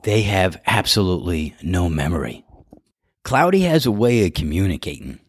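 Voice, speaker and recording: A man's voice: deep voice, very animated, moderate pace, breathy edge, no echo, clean studio sound. A man hosting a podcast, casually telling anecdotes and laughing often as he goes. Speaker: podcast host. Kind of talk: casual storytelling monologue.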